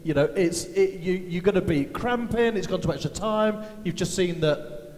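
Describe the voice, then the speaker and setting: High-voiced host in an echoing arena. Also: male voice, normal speed, darkish tone. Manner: chatty, questioning. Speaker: event host, interviewer. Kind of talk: live on-stage interviewing. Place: large arena stage. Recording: long reverb of a big hall, faint noise.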